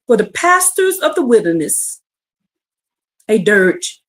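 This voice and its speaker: High, lively woman preaching with slang. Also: slow pace. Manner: preaching with slang and rising shouts. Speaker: bible teacher. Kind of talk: streamed bible class sermon.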